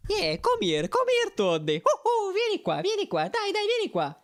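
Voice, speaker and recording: A woman's voice: very high-pitched, wildly swooping pitch, normal speed, voice pushed up, full character voice. Mario, a woman doing a cheery coaxing plumber. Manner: cheerful and coaxing, with Italian words.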